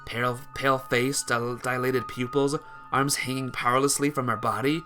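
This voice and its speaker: A man reading a visual novel aloud in a let's play, with lively delivery and occasional stumbles and restarts. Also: mid-range voice, normal speed, soft background music.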